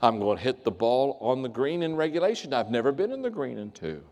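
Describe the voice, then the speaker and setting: A man's voice: medium pitch, very animated, a little fast, darkish tone, voice pushed down. A man doing a giddy bad golfer. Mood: excited. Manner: gushing, breathless exclaiming. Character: overexcited hapless male golfer. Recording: long reverb of a large hall.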